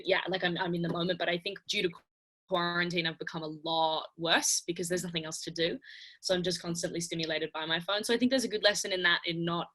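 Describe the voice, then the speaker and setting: Bright-voiced young woman. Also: on the low side. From Australia. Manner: earnest, animated, with frequent restarts. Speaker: actress interviewee. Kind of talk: casual press interview.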